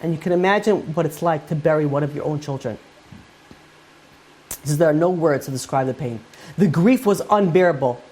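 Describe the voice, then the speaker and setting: A man's voice: fairly high pitch, a little fast, long pauses, darkish tone. Rabbi guy telling a long story in his shiur, quoting everyone, loose chatty phrasing. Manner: retells a story at length with many quoted lines; loose spoken phrasing with repeated "he goes and he says". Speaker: rabbi giving a Torah class. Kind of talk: storytelling lecture.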